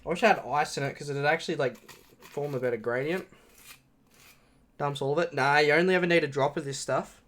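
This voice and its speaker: A young man chatting casually on a live stream, excited and swearing freely. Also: a little high, brisk, pauses often, slight background noise.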